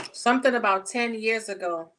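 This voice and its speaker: A woman giving a casual tarot reading, talking bluntly and profanely with animated storytelling. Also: fairly high pitch, slight background noise. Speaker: tarot reader.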